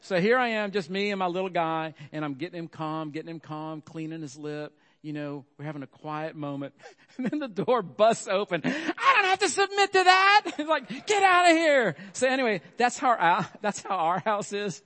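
A man's voice: on the high side, moderate pace, a bit bright, big-room sound. A middle-aged man preaching a sermon, chatty and storytelling, with frequent "okay?" asides.

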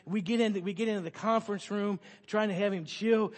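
A middle-aged man preaches a story-filled sermon, his voice sitting a little high for a man. He swings between loud, excited retelling and soft, hushed moments, with a long reverb trailing off his words in the hall. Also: brisk, few pauses. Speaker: pastor.

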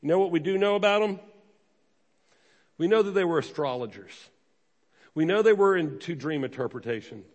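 A pastor giving a sermon, emphatic and conversational, asking the congregation rhetorical questions. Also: male voice, on the high side, animated, moderate pace, long pauses, big-room sound.

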